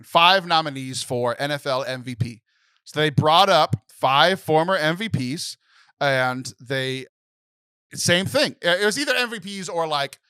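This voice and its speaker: A man's voice: fairly high pitch, bright, forceful tone, smooth, no room sound. A young man co-hosting a podcast in casual chat, emotional and close to tears, rambling with many restarts. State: tearful. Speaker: podcast co-host.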